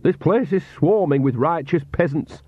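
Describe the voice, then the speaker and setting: A man's voice: a little high, normal speed, breathy edge, no echo, lo-fi sound, pitched above the performer's own voice. A man voicing a cheerful, bossy old witch woman who calls people dear. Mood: brisk.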